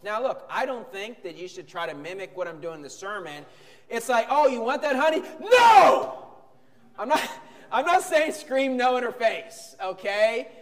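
A man preaching a sermon, emphatic, jumping from sudden shouts to quiet calm. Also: sits high. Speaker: pastor. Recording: long hall reverb.

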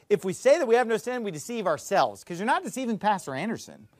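Male pastor, emphatic sermon, bright high voice with wide swings. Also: sing-song, fast talker, dry recording. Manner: emphatic, argumentative preaching.

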